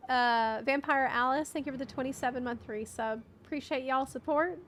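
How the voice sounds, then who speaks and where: Chatty woman streamer with a higher voice. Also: normal speed, fairly bright tone. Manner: chatty, thanks viewers between game scenes. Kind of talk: casual live-stream chat.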